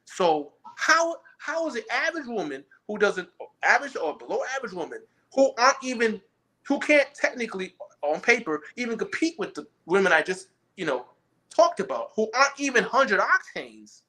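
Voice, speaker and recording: Lively, emphatic man ranting casually. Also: sits high, moderate pace. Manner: emphatic, rambling, many restarts. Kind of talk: opinionated casual chat.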